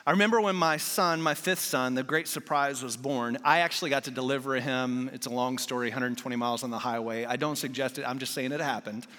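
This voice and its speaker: Male guest preacher, 40s, bright and forceful tone, casual storyteller, long church-hall reverb. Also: mid-range voice, fairly quick, hardly any pauses. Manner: candid, conversational storytelling. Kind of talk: sermon.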